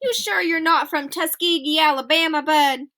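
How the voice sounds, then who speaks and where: A woman voicing a playful older man who teases a boy with slow, drawling jokes. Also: very high voice, sharp tone, exaggerated voice. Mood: teasing. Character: teasing older man, grandfatherly joker.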